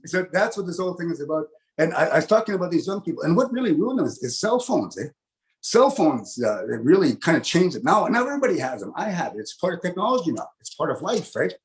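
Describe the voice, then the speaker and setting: A middle-aged man doing stand-up comedy, folksy and animated, who tags his lines with "eh?" and acts out big laughs. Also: fairly high pitch, quick pace. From Canada.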